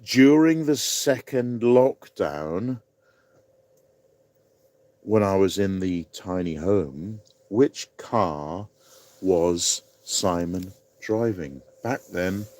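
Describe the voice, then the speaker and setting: A man's voice: sits low, slow pace, warm tone, no echo. A man hosting a casual live-stream quiz, chatty and rambling, laughing at his own asides. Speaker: livestream quiz host.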